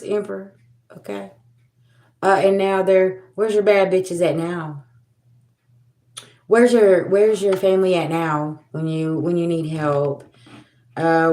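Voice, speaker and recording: A woman's voice: lowish voice, mellow, roomy sound. A woman giving a livestream spiritual reading, talking bluntly and profanely, repeating herself as she scolds. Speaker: tarot reader.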